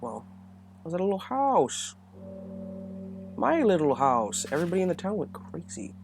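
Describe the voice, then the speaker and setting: A man's voice: high-pitched, moderate pace, creaky. Laid-back male gamer narrating his playthrough, loose and rambling, music under. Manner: relaxed, rambling, self-correcting. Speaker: let's play host. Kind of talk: casual game commentary and dialogue reading. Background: game music.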